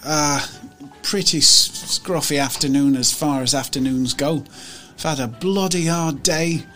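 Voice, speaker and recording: A man playing a sturdy eleven-year-old farm boy, with a put-on northern English accent and a slow, drawn-out way of telling things. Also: fairly high pitch, pushed and bright, soft background music. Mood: weary.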